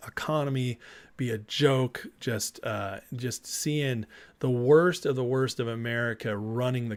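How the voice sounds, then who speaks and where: A man hosting a casual political livestream, talking excitedly and emotionally and reading viewer comments aloud. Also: medium pitch. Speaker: livestream host.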